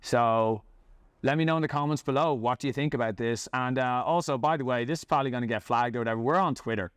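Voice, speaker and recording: A man's voice: medium pitch, quick pace, clear, resonant tone, no echo, studio quality. A man running a business, delivering an angry, profane rant to camera. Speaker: business owner and vlogger.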